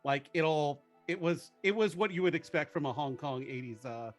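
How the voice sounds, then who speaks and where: A man's voice: on the high side, animated, moderate pace, faint music behind. A man chatting casually as a player in a tabletop game, with laughing asides and trailing restarts.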